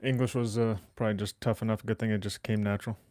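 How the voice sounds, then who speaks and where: A man's voice: on the low side, flat delivery, fast talker, a little mellow. A man hosting his own casual solo podcast, rambling and swearing as he chats with viewers. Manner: rambling, swears freely, talks to chat. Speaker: podcast host. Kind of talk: casual solo livestream chat. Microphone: desk microphone.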